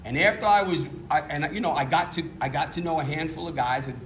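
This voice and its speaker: Speaking fast in a fairly high, slightly bright voice, this middle-aged man from New York offers frank, self-deprecating recovery testimony as the meeting's speaker. A little hiss or hum sits under the recording.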